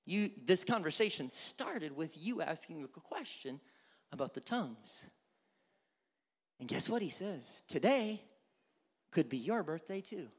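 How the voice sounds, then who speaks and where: Guy preaching in church, high voice, acts out the quotes, echoey hall sound. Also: measured pace, long pauses, breathy edge. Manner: animated preaching, acting out quoted prayers and shouts. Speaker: pastor. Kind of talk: sermon.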